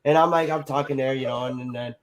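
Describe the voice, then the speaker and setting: A man's voice: mid-range voice, fairly even intonation, fast, muffled recording, a little hiss or hum. A man telling a personal story in casual chat, rambling, swearing and acting out other people's lines. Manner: rambling, full of "like" and "you know", swears freely.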